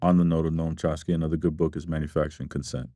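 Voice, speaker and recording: A man's voice: rumbling low, level tone, very fast, mellow, no echo, studio quality. A man hosting a podcast interview, easygoing and chatty, laughing along and agreeing often. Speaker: podcast host. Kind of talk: casual interview.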